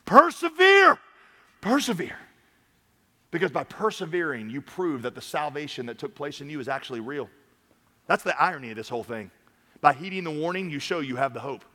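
A pastor delivers a sermon with a bright, forceful voice that sits a little high for a man. He swings between loud, urgent appeals and softer, earnest passages. His words ring out into a church hall with a long reverb. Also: animated, quick pace. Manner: emphatic preaching, swinging from loud urging to quiet earnest talk. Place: large church stage.

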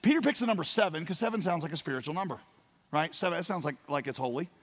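A man preaching a sermon as a pastor, telling a parable with acted-out voices and swings from quiet to loud. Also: a little high, expressive, racing. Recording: long hall reverb.

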